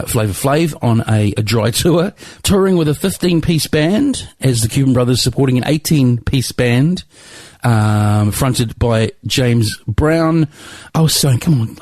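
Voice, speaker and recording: A man's voice: mid-range voice, a little mellow, no room sound. A male podcast host wrapping up an episode in a rambling, hesitant way full of fillers. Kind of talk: solo podcast outro.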